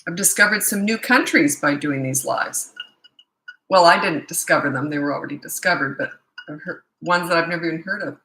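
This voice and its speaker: Tired canadian lady chatting on a livestream, bright lowish voice, echoey room. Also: fairly quick. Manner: chatty, reads out viewers' comments. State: tired, low energy. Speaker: parenting coach, livestream host. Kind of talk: casual livestream chat with viewers.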